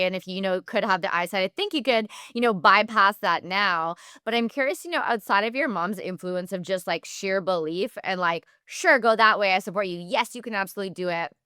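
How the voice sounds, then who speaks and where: Bright, crisp-voiced woman podcast host. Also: medium pitch, no echo, clean studio sound. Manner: long winding questions with many fillers. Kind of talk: interview questions.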